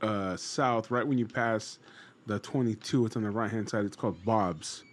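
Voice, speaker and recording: A man's voice: lowish voice, moderate pace. A man co-hosting a casual chat show, laid-back and calling people "bro" and "man".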